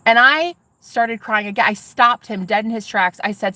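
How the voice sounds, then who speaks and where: A woman telling a story to her viewers in a casual vlog, excitable and swearing freely as she talks straight to them. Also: fairly high pitch, moderate pace, few pauses. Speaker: vlogger.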